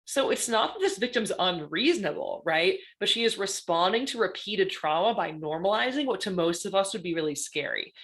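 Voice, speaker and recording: Woman presenting, chatty and animated. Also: mid-range voice, brisk, few pauses. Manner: lively, conversational, often asks "right?". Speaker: guest panelist on stalking. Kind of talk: presentation talk.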